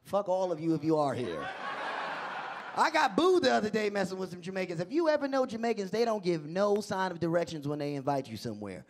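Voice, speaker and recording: A young man doing a stand-up comedy set on a club stage, animated and shouting out his punchlines. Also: high-pitched, fairly quick. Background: audience laughter.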